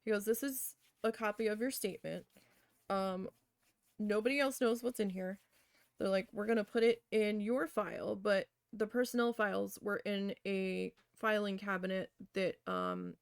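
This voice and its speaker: A woman's voice: mid-range voice, creaky, no room sound, clean studio sound. A woman casually telling a long personal story while crafting, chatty, with many fillers, acting out what she and others said. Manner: chatty, lots of fillers, quotes herself animatedly. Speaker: crafting vlogger.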